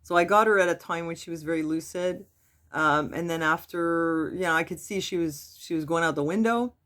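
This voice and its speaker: Soft-spoken woman vlogging. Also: lowish voice. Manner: soft, halting, with many restarts and fillers. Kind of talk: casual personal update to camera. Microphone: webcam.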